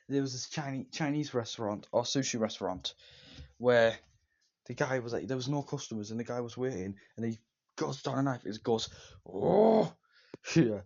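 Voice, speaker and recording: A man talks through a film in a loose, rambling way, piling up one "and then" after another. His voice sits at an ordinary middle pitch, and the recording sounds a little dull and lo-fi. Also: darkish tone. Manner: rambling, strings scenes together with "and then"; briefly acts out characters' lines with silly voices. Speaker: film reviewer. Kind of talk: casual movie review.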